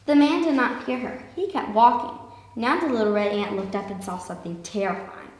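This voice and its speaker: A woman reading a children's picture book aloud in a lively way, slowing down for emphasis. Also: fairly high pitch. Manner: lively, with slowed emphatic passages. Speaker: storyteller. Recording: echoey room with long reverb.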